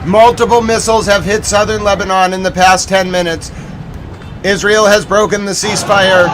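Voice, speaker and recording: A man's voice: high-pitched, fairly even intonation, normal speed, crowd noise, background noise. A man hosting a live news recap stream, urgently repeating breaking updates and exclaiming in alarm.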